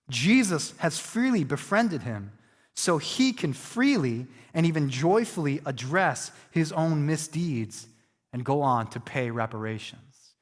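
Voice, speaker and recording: Pastor, male, high-pitched and animated, preaching in a hall with long reverb. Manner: animated preaching, acting out quotes, self-deprecating humor. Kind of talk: sermon.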